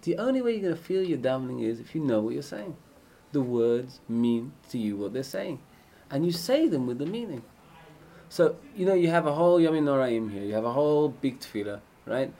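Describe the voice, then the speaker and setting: A man giving an informal Torah class on prayer, often asking his listeners questions and swinging between loud and hushed speech. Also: mid-range voice, brisk. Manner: animated, swings from loud chanting to hushed near-whispers. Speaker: Torah teacher.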